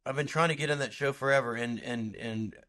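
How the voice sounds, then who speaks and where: A man's voice: medium pitch, brisk, a bit bright. A male comedian, a guest on a podcast, chatting casually in rambling stories and acting out other people's lines. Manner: rambling storyteller, acts out quoted voices. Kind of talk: casual interview chat.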